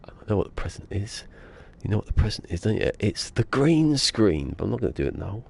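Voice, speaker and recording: Deep, gravelly-voiced man chatting while streaming. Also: rapid-fire, warm tone. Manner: rambling, jokey self-talk. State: sniffly with a cold. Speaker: game streamer. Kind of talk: casual live-stream chatter. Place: small room at home.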